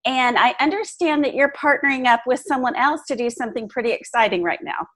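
A woman co-host with a high voice asks curious, earnest questions in a relaxed interview. She sounds sincere and interested. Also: fairly quick. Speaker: show co-host. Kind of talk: casual interview chat.

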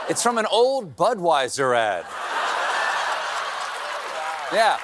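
A man's voice: sits high, very animated, very slow, a loud crowd, very noisy. Sarcastic man hosting a comedy monologue. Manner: sarcastic, mocking punchlines. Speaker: late-night comedy host.

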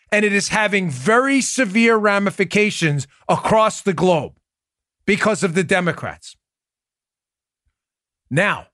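Male podcast host, combative commentary, fairly high voice, dry close sound. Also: a bit bright, dry recording. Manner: combative, incredulous, rising to indignant outbursts. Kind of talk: heated political commentary.

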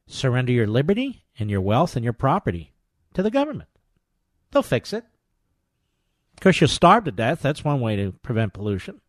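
An older man hosting a talk radio show, delivering a combative, sarcastic monologue that swings between loud jabs and quiet asides. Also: medium pitch, very animated, brisk, no room sound, studio quality.

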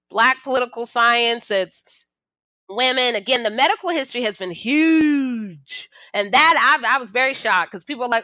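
A woman's voice: fairly high pitch, no echo. A woman historian answering interview questions, telling stories and acting out the voices she quotes. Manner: animated storytelling, acts out quoted voices. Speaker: historian and author, interview guest.

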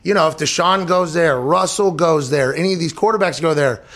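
A man hosting a sports podcast, talking fast in animated, joking banter. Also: on the high side. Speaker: podcast host. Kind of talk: casual sports talk.

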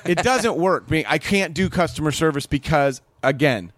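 A man's voice: a little high, lively intonation, normal speed, fairly bright tone, no echo. Rambling Kansas man telling stories. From Kansas, USA. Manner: rambling storytelling, acts out quotes. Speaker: comedian guest. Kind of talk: casual podcast chat.

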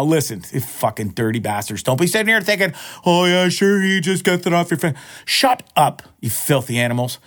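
A man in his forties talks alone into a podcast microphone, rambling from one story to the next with plenty of swearing and jokes at his own expense. His pitch swings widely and sits a little high for a man. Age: 40s. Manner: profane, rambling, self-mocking banter. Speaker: podcast host. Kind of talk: solo podcast monologue.

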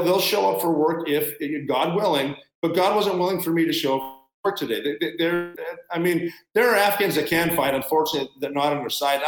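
Male guest, ex-military, blunt and sarcastic, higher-pitched, roomy echo. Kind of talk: casual interview talk.

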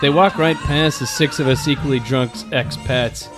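A man's voice: medium pitch, moderate pace. A man hosting a casual podcast, reading a listener's story aloud and laughing through the telling. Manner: laughs through his reading, loose and joking. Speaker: podcast host. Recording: loop music bed playing behind.

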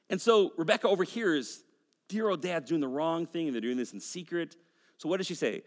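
A man's voice: fairly high pitch, expressive, fairly quick, in a large hall. A man in his forties preaching a sermon, reading scripture with casual, joking asides. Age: 40s. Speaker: pastor.

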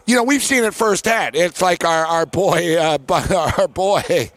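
A man's voice: high voice, a bit bright, no room sound. A man co-hosting a sports betting show in casual chat, telling anecdotes and laughing often. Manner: laughing, quick-talking anecdote teller. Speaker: co-host.

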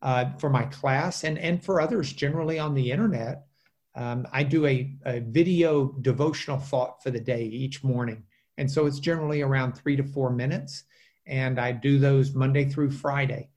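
A man, a trial lawyer, telling animated stories as an interview guest, with many fillers and restarts. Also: mid-range voice, moderate pace. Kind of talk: casual storytelling interview.

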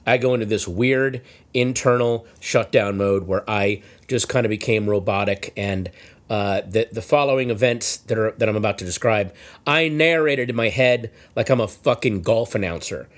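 A man telling a comic story in casual chat, acting out the shouted lines of the people in it. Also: lowish voice, normal speed. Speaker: storyteller guest.

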